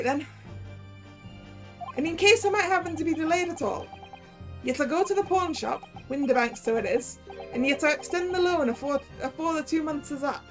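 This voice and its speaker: A woman voicing a menacing, bossy middle-aged man with a put-on Irish accent. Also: sits high. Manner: threatening, bossy, commanding.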